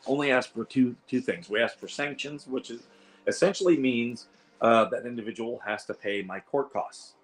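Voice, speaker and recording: A man with a Midwestern accent and a hoarse, worn voice, chatting casually on a home livestream in a rambling way. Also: medium pitch, normal speed, rough recording. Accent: Midwestern American. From Ohio. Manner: rambling, chuckling, restarts phrases. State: hoarse, losing voice. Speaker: livestream host.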